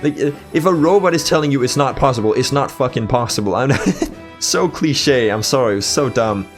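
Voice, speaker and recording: A man's voice: medium pitch, a little fast, soft background music. A young man giving a casual movie review, blunt and sweary, with sarcastic asides.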